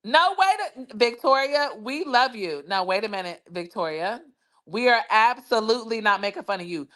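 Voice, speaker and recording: Her voice is mid-range, animated and a bit bright, at normal speed, as she runs a livestream of casual gossip. She's loud, profane and laughing, leaning on "child" and "baby," all while dealing with an injured foot.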